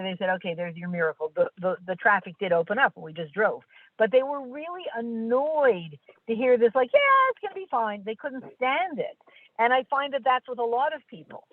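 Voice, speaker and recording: A woman's voice: a little high, normal speed, dry recording. Woman telling stories over a tinny phone line. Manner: animated storyteller, acts out other people's lines. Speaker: study partner. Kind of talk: casual Torah study discussion.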